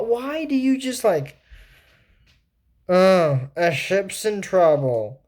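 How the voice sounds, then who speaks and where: A woman's voice: medium pitch, very animated, very slow, darkish tone. Sarcastic woman rambling over a cartoon. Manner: rambling and sarcastic, with mocking quoted asides. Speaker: commentator. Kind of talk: casual reaction commentary.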